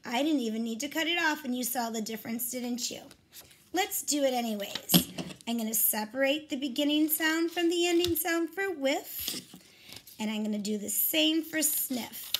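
A woman's voice: sits high, moderate pace, background noise. A woman teacher reading a picture book aloud and teaching rhymes to young children, talking straight to them in an encouraging way. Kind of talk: read-aloud phonics lesson for young children.

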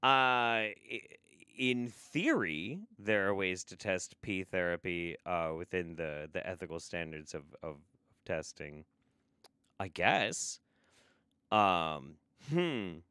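A man hosting a livestream chat, sarcastic and quick to laugh and swear. His voice is bright and swings widely in pitch. It is close-miked and dry. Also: expressive, smooth, no echo. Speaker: livestream host.

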